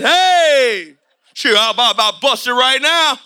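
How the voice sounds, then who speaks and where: A man preaching a sermon in a colloquial, repetitive, impassioned way, often rising to a shout. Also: extremely high pitch, measured pace, clean tone.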